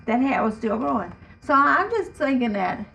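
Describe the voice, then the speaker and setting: A woman's voice: high-pitched, big pitch swings, normal speed, gravelly, bright, forceful tone. A woman earnestly sharing her view in a group discussion. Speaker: discussion participant. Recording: distant, muffled recording.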